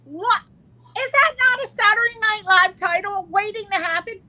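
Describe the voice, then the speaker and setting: A woman hosting a radio interview, gushing and exclamatory, often pausing on fillers. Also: very high-pitched, pushed and bright, poor audio. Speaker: radio show host. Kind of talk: interview chat.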